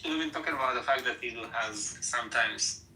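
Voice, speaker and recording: A speaker in a casual group chat who asks curious questions with quick restarts. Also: mid-range voice, background noise. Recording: roomy, distant mic.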